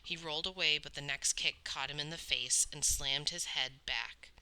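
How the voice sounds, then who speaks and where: A woman's voice: deep voice, fairly even intonation, moderate pace, bright, forceful tone, smooth, rough recording. A woman reading a novel aloud with dramatic storytelling. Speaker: audiobook reader. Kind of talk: read-aloud novel narration.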